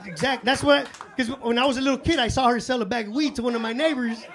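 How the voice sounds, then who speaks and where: A man doing live stand-up comedy in a club, telling stories in a profane, excitable way. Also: very high voice, fast talker. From Chicago. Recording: live club with audience laughter. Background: crowd laughter and room noise.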